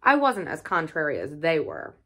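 A woman's voice: low-pitched, huge pitch swings, moderate pace, sharp tone, slightly rough, voice pushed down, heavily acted. A woman voicing an earnest young girl, once contrary, who speaks in a pleading, heartfelt way. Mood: resentful.

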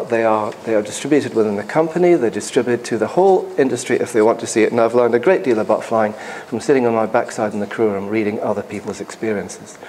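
A man's voice: medium pitch, a little mellow, a little hiss or hum. A man, an airline pilot, giving a conversational and emphatic conference presentation in a hall, with asides to the audience.

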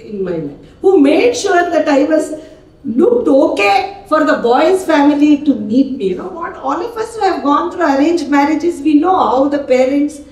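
A woman's voice: high-pitched, expressive, normal speed, a little mellow. An older woman with an Indian English accent giving a personal testimony talk at a devotional gathering, telling stories and acting out dialogue. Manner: storytelling, acting out quoted dialogue. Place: devotional hall. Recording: roomy hall, mic at a distance.

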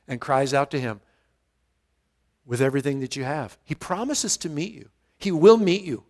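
A man's voice: on the high side, long reverb tail. A male pastor teaching a verse-by-verse Bible study in an earnest way, often restarting words and stressing key phrases.

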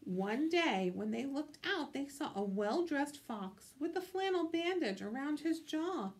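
A woman's voice: high voice, sing-song, unhurried, few pauses. A woman reading a picture book aloud with expression, stopping to ask her listeners questions. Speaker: storytime reader.

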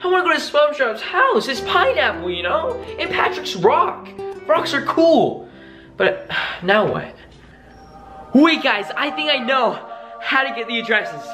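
A man hosting a reaction vlog who talks in a hyper, dramatic way, full of loud exclamations. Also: extremely high pitch, big pitch swings, unhurried, over music. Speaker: YouTube host.

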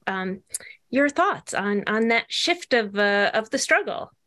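A woman with a mid-pitched voice interviews a guest. She speaks softly and haltingly, working her way toward her question. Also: lively intonation. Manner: soft-spoken, halting questions.

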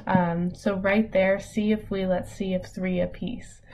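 A woman teaching an online lesson in a relaxed, casual way, with many ums as she reads examples aloud. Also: medium pitch, measured pace. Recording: dull lo-fi audio with faint noise.

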